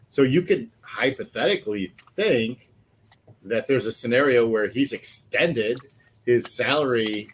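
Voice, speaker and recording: A man's voice: lowish voice, a little hiss or hum, poor audio. A man co-hosting a casual sports podcast, laying out hypotheticals.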